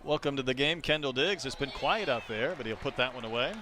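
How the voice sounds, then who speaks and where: A man doing live play-by-play baseball commentary, calling pitches and chatting between them. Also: lively intonation, quick pace, noisy background. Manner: conversational, calls pitches between chatty stories. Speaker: play-by-play announcer.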